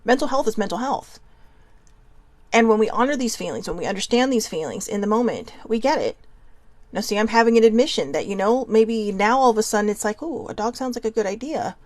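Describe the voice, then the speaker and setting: Woman host, casual self-help talk, goofy and chatty, laughs a lot, mid-pitched voice, dry close sound. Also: lively intonation, fairly quick, a little mellow, dry recording. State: a little nervous. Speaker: podcast host.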